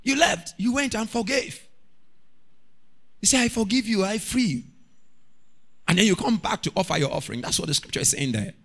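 A man preaching a sermon as a pastor, calling out to the congregation and rising into shouts. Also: sits high, animated, moderate pace, pauses often.

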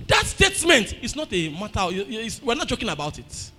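A man with a Nigerian accent preaching a sermon, telling stories and breaking into shouted emphasis. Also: extremely high pitch, huge pitch swings, a little fast, hardly any pauses, soft background music. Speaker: pastor.

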